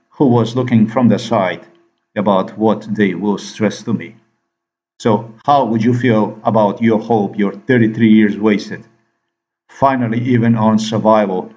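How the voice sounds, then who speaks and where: Agitated man with a low voice. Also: darkish tone, muffled recording. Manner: agitated, repetitive, addresses the listener with questions. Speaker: vlogger. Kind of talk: rambling monologue to camera.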